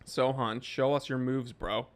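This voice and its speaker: A man's voice: medium pitch, fairly even intonation, a little slow. A man in his thirties hosting a livestream, casually reading viewer comments aloud and joking with the chat. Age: 30s. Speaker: livestream host.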